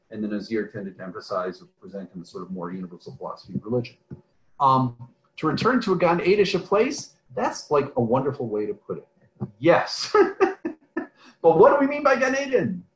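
A man with a lowish, animated voice talks a little fast while teaching an online class over a video call and fielding questions from the chat. He rambles, restarts phrases, and leans on "right?" and "um." The recording is low quality with an echoey room.

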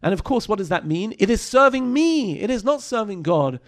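A man with a fairly high voice leads a text study class. He reads lines of scripture aloud, then unpacks them with quick rhetorical questions. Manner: animated, reads Hebrew verses and explains them, asks rhetorical questions. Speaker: Bible teacher.

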